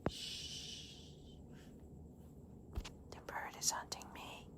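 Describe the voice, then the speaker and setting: A man voicing a small, timid, excitable male worm in a bedtime story, switching between squeaky exclamations and hushed whispers. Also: extremely slow. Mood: scared whisper.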